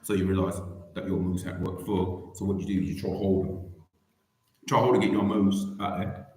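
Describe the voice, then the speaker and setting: A man's voice: sits low, fairly even intonation, fairly quick, mellow. A man streaming, giving a rambling, mocking comedic commentary with lots of restarts. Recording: echoey room.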